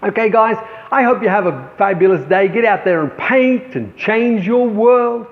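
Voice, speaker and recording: Speaking in a high-pitched, lively voice at a normal speed, a male painter encourages fellow artists and calls them his friends throughout his motivational talk. The recording comes across echoey and thin, almost phone-like.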